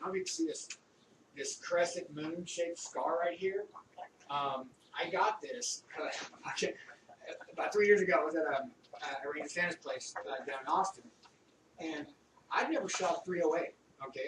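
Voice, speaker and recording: A middle-aged Army veteran rambling through old stories in a casual, profane monologue. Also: male voice, fairly high pitch. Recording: roomy, distant mic with faint background noise.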